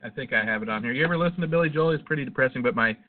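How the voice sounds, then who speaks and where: A mid-range male voice talking very fast belongs to a podcast co-host who rambles through stories and swears a lot. The audio is tinny and phone-like.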